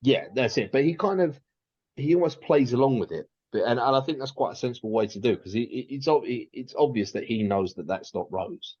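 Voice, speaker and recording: A man's voice: medium pitch, expressive, a little fast, darkish tone, breathy edge, muffled recording. A man co-hosting a podcast, chatting casually and rambling with lots of restarts and fillers. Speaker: podcast co-host.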